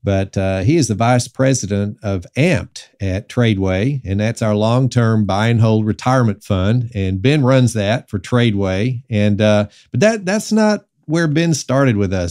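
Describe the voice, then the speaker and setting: A man with a Southern US accent, a pastor hosting a casual podcast interview, relaxed and folksy with many fillers. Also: fairly low pitch, unhurried, few pauses. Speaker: podcast host.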